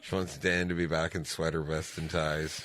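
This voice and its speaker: Brief: low-pitched male co-host, chatty rambler, dry close sound. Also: flat delivery, normal speed, a bit bright, no echo. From Canada. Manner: rambling storyteller, laughs often, many "like" fillers. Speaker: podcast co-host. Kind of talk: casual chat.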